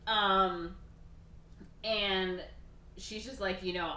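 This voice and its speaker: A woman hosting a podcast, casually retelling a film's plot and acting out the characters in quick put-on voices. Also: lowish voice. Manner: animated, acts out characters with quick voice shifts. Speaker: podcast host. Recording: echoey room, distant mic, faint hiss.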